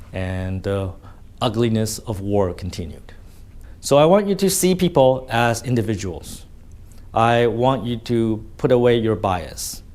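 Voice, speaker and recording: A man's voice: mid-range voice, a little mellow. A man telling a story in casual vlog commentary, blunt and full of swearing, often adding "right?" to his sentences. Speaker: vlogger.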